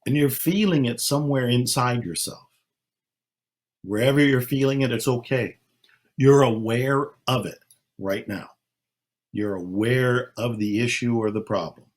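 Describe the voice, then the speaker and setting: An older man speaking slowly and calmly, leading a guided meditation with long pauses. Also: medium pitch. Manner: slow, calm, soothing, with long pauses. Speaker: self-help speaker. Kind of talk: slow guided meditation talk.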